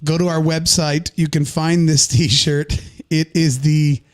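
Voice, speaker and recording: A man's voice: fairly high pitch, fairly even intonation, takes it slowly. Joking man co-hosting a podcast. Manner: joking, teasing banter. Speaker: podcast co-host. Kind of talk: casual livestream chat.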